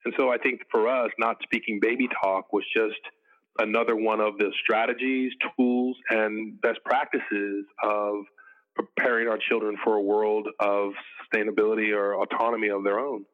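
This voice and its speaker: Middle-aged guy on a podcast, low voice, sounds like a phone line, earnest and measured. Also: flat delivery. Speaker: podcast guest. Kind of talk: casual podcast conversation.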